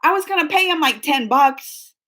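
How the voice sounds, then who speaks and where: At a moderate pace and in a high-sitting voice, a female reaction show host chats with the people present, rambling in an animated and emphatic manner during a casual discussion.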